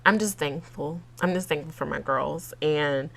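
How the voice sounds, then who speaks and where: A woman's voice: sits low, unhurried, vocal fry, fairly bright tone. A woman hosting a podcast, talking in a chatty, giggly and emotional way, with frequent laughs and fillers. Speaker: podcast host. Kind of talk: casual solo podcast monologue.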